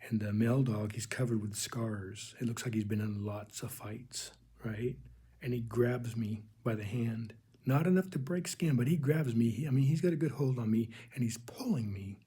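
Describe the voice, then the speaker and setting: A man with a husky, somewhat breathy voice tells a spiritual testimony. His tone is dark and mellow, and his delivery is earnest and halting, with frequent restarts as he speaks straight to his listeners as "people". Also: mid-range voice. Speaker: religious video host.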